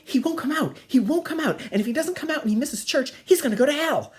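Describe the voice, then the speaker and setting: A man putting on a shrill scolding mother. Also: expressive, fast talker. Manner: insistent, threatening. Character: stern scolding mother, middle-aged woman.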